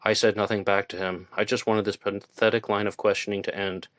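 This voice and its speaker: Man, audiobook narrator, low voice, dry close sound, tense measured thriller read. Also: flat delivery, a bit bright, dry recording. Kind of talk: first-person thriller narration.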